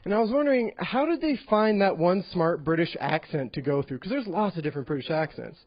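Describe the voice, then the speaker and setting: Young man in a club set, high and bouncy voice, nervous giggles, lo-fi sound. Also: lively intonation, brisk, no echo. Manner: awkward and giggly, with many ums. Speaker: stand-up comedian. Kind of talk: stand-up comedy set. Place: comedy club. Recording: dull lo-fi live recording.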